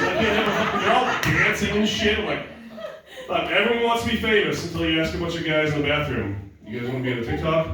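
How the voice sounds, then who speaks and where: A young man doing a crude, rambling, self-mocking stand-up set at a comedy show. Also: fairly high pitch. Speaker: stand-up comic. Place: comedy club stage. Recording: echoey room, far from mic, noisy.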